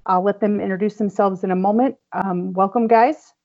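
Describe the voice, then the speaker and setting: A woman's voice: medium pitch, steady tone, normal speed. Giggly woman hosting a podcast. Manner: laughs often, many fillers. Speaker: podcast host. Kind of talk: casual chat. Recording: dull lo-fi audio.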